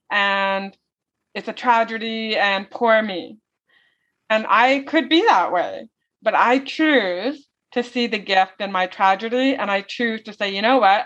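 A woman's voice: fairly high pitch, a bit bright. A woman speaking as an interview guest, telling her story in an earnest, heartfelt way. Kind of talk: interview conversation. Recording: dull lo-fi audio.

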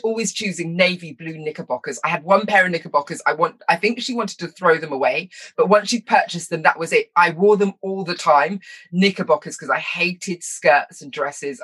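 A middle-aged woman from tells her life story in an interview, and her voice is bright and forceful. Her carries a lively, self-mocking manner. She laughs often and slips into quick impressions. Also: fairly low pitch. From London, England. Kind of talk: personal storytelling in conversation.

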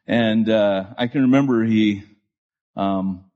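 A pastor in his forties, a man, telling stories from his ministry to a live church audience, animated and full of restarts and asides. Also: fairly low pitch, takes it slowly. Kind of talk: storytelling sermon to a live audience. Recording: dull lo-fi recording.

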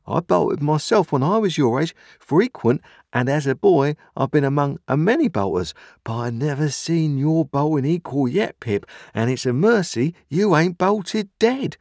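A man voicing a gentle, simple-spoken working man who talks earnestly and confidentially in rustic speech. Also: fairly high pitch, expressive, moderate pace, hardly any pauses, no echo, studio quality, pitched above the performer's own voice. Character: gentle, simple-spoken village blacksmith Joe.

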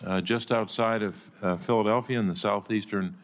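An older man opens a formal hearing in a lowish, measured voice. He pauses now and then on fillers as he speaks. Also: fairly even intonation. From Pennsylvania. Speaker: committee chair at a hearing. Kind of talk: formal opening remarks.

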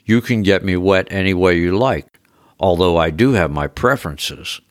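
An eerily cheerful female android companion, chirpy and suggestive, with stiff machine-like phrasing. A man with a very low voice acts her out. The sound is dry and close. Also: moderate pace, no room sound, natural voice. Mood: chirpy flirtatious.

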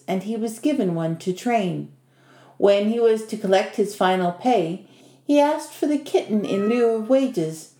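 A woman narrating a folk tale in a measured, expressive storytelling manner. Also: mid-range voice, reverberant.

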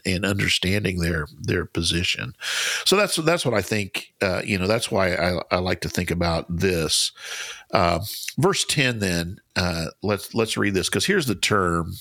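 A man's voice: low voice, bright, forceful tone, slightly rough, no echo. A man co-hosting a Bible study podcast, talking earnestly in casual chat and often repeating and restarting his words. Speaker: podcast co-host.

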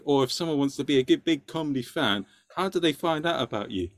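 A man's voice: a little high, brisk, no room sound, clean studio sound. A man from London with a London accent, hosting a podcast in a jokey way with frequent laughs. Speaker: podcast host. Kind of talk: casual chat.

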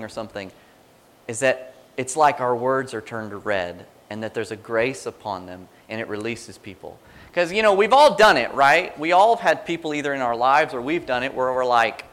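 A man preaching to a congregation in a relaxed, conversational way. He slips into quoted prayers and little acted-out reactions, and his voice sits at an ordinary middle pitch. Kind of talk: sermon.

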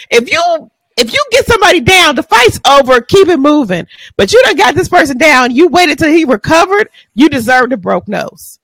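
A woman's voice: high-pitched, big pitch swings, moderate pace, few pauses, a bit bright, dry recording. A woman, co-hosting a podcast, ranting bluntly and with profanity in casual chat. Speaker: podcast co-host.

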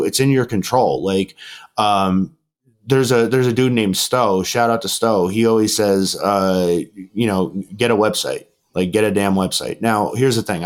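Podcast host guy just talking, rambly and casual, lots of "like" and restarts, gets animated doing other people's lines. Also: deep voice. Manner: rambling, many restarts and fillers; animated when quoting others. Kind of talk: casual storytelling chat.

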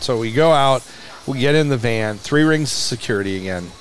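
A man in a relaxed podcast conversation, telling a story with animated energy. He slips into the voices of the people in his story and laughs along the way. His voice sits at a mid pitch for a man. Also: brisk. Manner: animated, acts out dialogue, laughs often. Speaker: museum managing director, podcast guest. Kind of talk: casual anecdotal storytelling.

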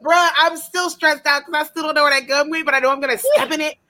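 A young woman telling funny stories on a casual podcast, full of energy and quick laughs. Her voice sits a little high and rings bright. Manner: animated storytelling, laughs often. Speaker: guest comedian and cosplayer.

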